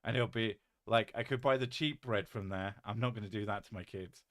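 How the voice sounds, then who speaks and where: Deadpan British man, low voice. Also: fairly quick, no echo, studio quality. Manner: joking, deadpan, swears casually. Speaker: live streamer reading chat. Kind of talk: casual live-stream chat.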